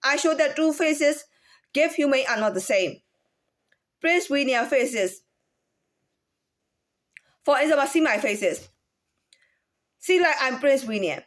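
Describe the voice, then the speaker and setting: Her voice is high with lively intonation as she talks informally in a monologue full of false starts and fillers. Occasionally she demonstrates a range of speaking tones.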